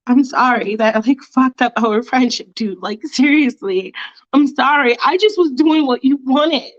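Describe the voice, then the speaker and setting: Careless slangy teen girl, stammering, high voice, woman reading; dull dry take. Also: measured pace, dry recording. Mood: flustered. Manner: flustered, stammering, casual slang. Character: careless apologetic teenage girl Katie.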